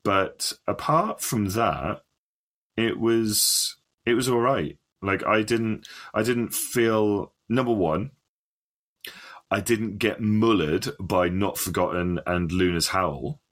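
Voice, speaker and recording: A man's voice: lowish voice, takes it slowly, fairly bright tone. A man co-hosting a podcast in casual banter, swearing a lot and laughing often. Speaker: podcast co-host.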